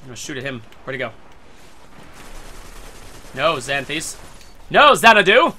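A man giving excitable gameplay commentary who swears a lot and breaks into sudden shouts. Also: on the high side, measured pace, slight background noise. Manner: talks to himself and his teammates. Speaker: gaming video creator.

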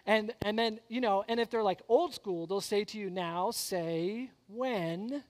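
A man in his thirties preaching a sermon, animated and storytelling, swinging from soft reflection to loud excitement. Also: high voice, brisk. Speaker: pastor. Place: church sanctuary. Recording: long church hall reverb.

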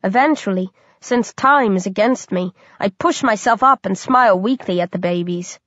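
A woman giving a dramatic, expressive first-person reading of a horror audiobook. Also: mid-range voice, normal speed, no echo. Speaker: audiobook narrator. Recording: dull lo-fi dry recording.

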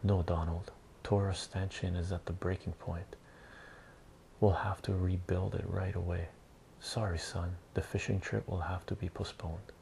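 A man's voice: deep voice, flat delivery, unhurried, gravelly, darkish tone, a little hiss or hum. A man voicing a firm, stern farm father in a whispered role-play comic reading. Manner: firm, clipped. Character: stern father fixing a bull's stall.

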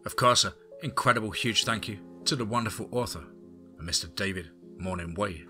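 A man's voice: lowish voice, a little fast, bright, forceful tone, faint music behind. A man narrating a horror story aloud, then chatting enthusiastically to his listeners. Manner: enthusiastic, effusive.

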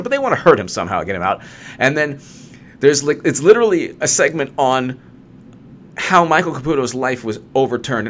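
A man's voice: mid-range voice, a bit bright, slight background noise. A man giving an unscripted, sarcastic political rant, repeating points and mocking his opponents. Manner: ranting, sarcastic, mocks opponents in put-on voices. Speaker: political commentator.

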